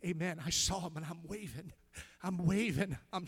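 High-voiced pastor, whispering to shouting. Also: male voice, normal speed, breathy edge. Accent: American. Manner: swings from hushed whispers to shouting praise. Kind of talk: sermon storytelling.

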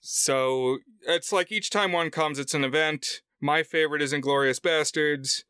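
Crisp, bright-voiced man on a film podcast. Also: on the high side, measured pace, dry recording, studio quality. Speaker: podcast co-host. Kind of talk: casual film chat.

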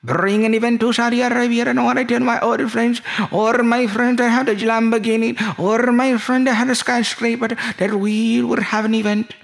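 A man putting on the voice of a boastful, oil-rich middle-aged man who talks in a showy, drawn-out way. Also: extremely high pitch, little pitch movement, gravelly, pitched above the performer's own voice.

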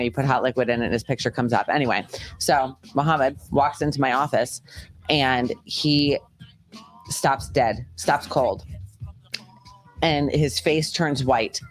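A woman telling a story in casual podcast chat, lively and quick to swear. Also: rumbling low.

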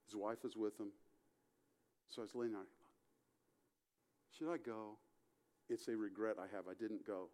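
A middle-aged man preaching as a pastor, telling a story with acted-out dialogue and moving from loud passages to hushed ones. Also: on the low side, unhurried, pauses often. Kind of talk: sermon.

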